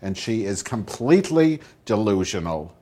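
A cranky middle-aged woman podcast host, played by a man, swearing and grumbling through a rambling comic monologue. Her voice sits low and heavy for a woman. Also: sing-song, moderate pace, dark tone, slightly rough. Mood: grumpy. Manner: profane, grumbling, rambling rants.

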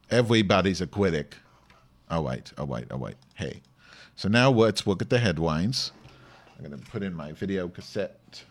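A man's voice: sits low, heavily acted. A man playing a brash, short-tempered woman podcast host who rants sarcastically and swears at the listeners. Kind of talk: comedic podcast monologue.

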